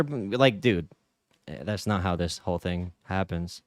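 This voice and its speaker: A man's voice: low-pitched, measured pace, dry recording, studio quality. A man giving casual political reaction commentary, rambling with lots of fillers. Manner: laid-back, rambling, frequent fillers.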